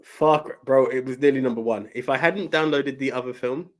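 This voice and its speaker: A man, co-hosting a podcast and rambling about a film with halting restarts. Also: medium pitch. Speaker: podcast co-host. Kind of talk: casual chat, film review.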